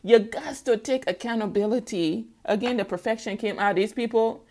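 A woman giving a casual tarot reading, animated and laughing often, with folksy slang and sing-song asides. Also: a little high, normal speed. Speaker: tarot reader.

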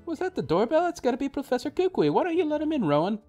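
A man voicing a cheerful, chatty mother as he reads a video game's dialogue aloud, in a bright, sing-song put-on voice. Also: very high-pitched, sing-song, rapid-fire, faint music behind, voice pushed up. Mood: cheery.

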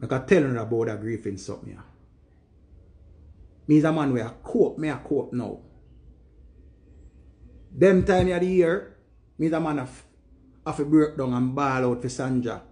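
A man's voice: medium pitch, expressive, moderate pace, long pauses, a little mellow. A grieving man with a Jamaican accent, talking emphatically and repeating himself in patois. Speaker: vlogger. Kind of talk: emotional monologue to camera.

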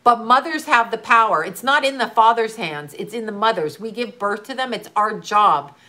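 In an emotional, casual address to a single viewer, a bright, clear-voiced middle-aged woman who has lost a child coaches another mother. Pitched on the high side and expressive, she talks at a moderate pace, urgent and earnest, repeating herself and swearing now and then.

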